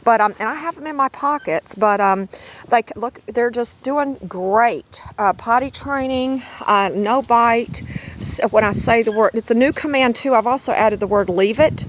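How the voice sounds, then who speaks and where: A woman's voice: on the high side, moderate pace, slight background noise, poor audio. A middle-aged woman, a dog breeder, narrating a casual home video in a chatty, rambling, affectionate way. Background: puppies squealing and playing.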